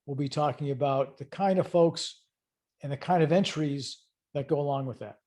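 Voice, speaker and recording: A man's voice: a little high, moderate pace, dark tone. A middle-aged man giving an online accounting lecture, explaining step by step in a conversational way and asking students questions. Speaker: accounting instructor.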